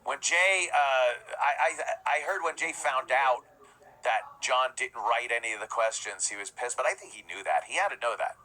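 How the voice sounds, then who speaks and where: A man's voice: mid-range voice, normal speed, sharp tone, poor audio. Scornful, profane ranting man. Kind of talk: ranting commentary.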